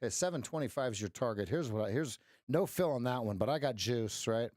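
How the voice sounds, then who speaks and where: A man's voice: medium pitch, lively intonation, quick pace, darkish tone, no room sound, clean studio sound. A man giving live trading commentary on a stream, wry and teasing as he talks to his chat.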